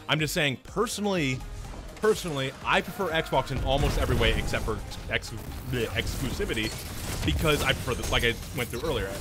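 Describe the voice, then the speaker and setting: A man streaming a game, chatting casually and rambling through animated stories with lots of restarts. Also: mid-range voice. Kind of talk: casual chat while gaming.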